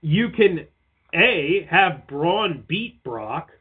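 A man's voice: a little high, big pitch swings, extremely slow, breathy edge. A man co-hosting a casual podcast chat, rambling and profane with mocking asides. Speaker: podcast co-host. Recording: tinny phone-like line.

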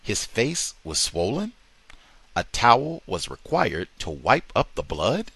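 A man's voice: on the low side, wildly swooping pitch, slow, gravelly, bright, forceful tone, husky, no echo. A man reading a book aloud to a study group, expressively voicing its quoted dialogue. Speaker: reader in a book study session.

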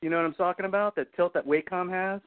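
A man's voice: high voice, fairly even intonation, fast talker, clean tone. A man hosting a podcast in casual chat, rambling and swearing constantly. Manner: swears constantly, rambling, says "you know what I mean". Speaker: podcast host. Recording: tinny phone-like audio.

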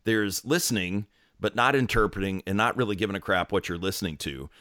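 Male co-host with a lowish voice, relaxed and conversational, recorded dry and close. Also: a little fast, no echo. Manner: conversational, hedging with fillers. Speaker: podcast co-host. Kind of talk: casual discussion.

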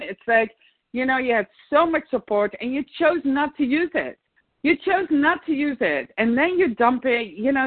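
A woman in a therapy session, angrily venting and swearing at her partner, repeating her words. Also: a little high. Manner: furious, swearing, repeating herself. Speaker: therapy client. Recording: tinny dry phone-like sound.

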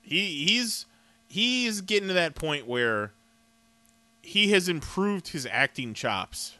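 A man co-hosting a comics podcast in casual chat, animated, laughing and swearing freely as he runs through the news. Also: high voice, slow pace, dry recording. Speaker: podcast co-host.

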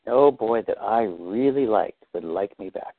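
A man calmly guiding a tapping therapy session, feeding short lines for the client to repeat. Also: fairly low pitch, measured pace, no echo. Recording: thin phone-like audio, dry.

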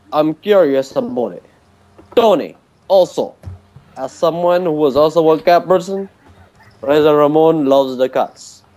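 A man's voice: medium pitch, a little mellow, lightly acted. A man reading a listener email while putting on the voice of a cocky wrestler persona, with a swaggering drawl full of "hey yo". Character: swaggering tough-guy male wrestler persona.

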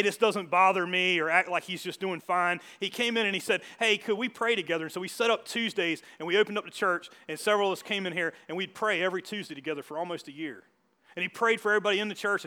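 Fast, bright-voiced man preaching. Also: on the high side. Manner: storytelling with many restarts and asides. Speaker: pastor. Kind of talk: sermon. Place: church hall.

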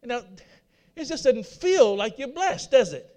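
A man's voice: very high-pitched, very animated, a little slow, darkish tone. A man preaching a sermon, repeating his points and putting rhetorical questions to his listeners. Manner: repetitive, asks the audience rhetorical questions.

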